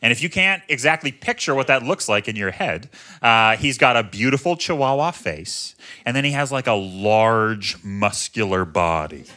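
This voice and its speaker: A man in his thirties doing a stand-up comedy set, chatting in a self-mocking way, tagging jokes with "right?" and leaping into loud voices for punchlines. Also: expressive, moderate pace. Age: 30s. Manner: conversational, self-mocking, often tags lines with "right?"; jumps into loud high character voices for punchlines. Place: comedy club stage.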